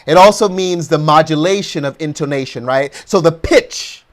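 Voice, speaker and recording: Man preacher, higher-pitched voice, motivational sermon, rises to loud affirmations then drops to quiet asides, keeps asking "right?". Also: normal speed. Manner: swings from loud affirmations to soft, low asides.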